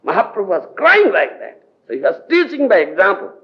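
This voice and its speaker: A man's voice: high voice, wildly swooping pitch, fairly quick. A man from India with an Odia accent, giving a scriptural lecture to devotees, emphatic, often asking the audience if they understand and laughing. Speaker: spiritual teacher giving a lecture. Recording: dull lo-fi 1980s tape recording.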